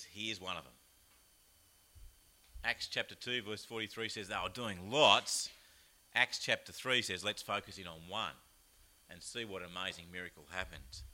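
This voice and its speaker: A man with an Australian accent, preaching a chatty, animated sermon with plenty of rhetorical asides. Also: mid-range voice. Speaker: pastor. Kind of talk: lively sermon.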